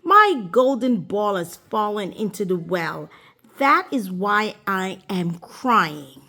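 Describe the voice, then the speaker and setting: A young storybook princess who offers her treasures in a sing-song, emphatic way, her voice rising and falling widely, as a woman reader plays her. She speaks slowly and with care. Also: mid-range voice, very animated, pushed and bright, heavily acted. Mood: tearful. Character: young spoiled princess, tearful then careless.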